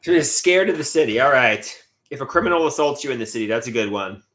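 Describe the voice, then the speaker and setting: A man's voice: mid-range voice, lively intonation, fast talker, a bit bright. A man rambling in a live stream monologue from home, stammering and repeating his words as he mutters to himself. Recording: echoey room.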